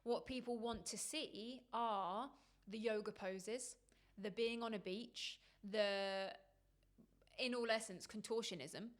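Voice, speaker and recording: A woman's voice: on the high side, slow pace. A woman, a yoga teacher co-hosting a podcast, talking thoughtfully and reflectively with many agreeing interjections. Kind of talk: conversational podcast chat.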